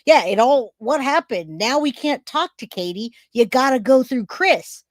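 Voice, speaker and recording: A woman's voice: high-pitched, expressive, measured pace, no echo, clean studio sound. A woman giving emotional, blunt reaction commentary to her viewers, swearing casually as she talks. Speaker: online commentator.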